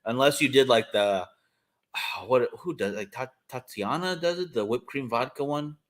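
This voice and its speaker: A man's voice: mid-range voice, normal speed. Rambling, enthusiastic podcast co-host man. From California. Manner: rambling, enthusiastic, many fillers. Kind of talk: casual chat.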